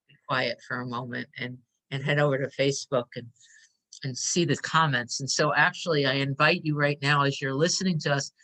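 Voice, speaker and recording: Soft-spoken woman guiding a meditation. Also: low voice. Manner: soft, emotional, inviting. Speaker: host. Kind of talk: guided meditation talk.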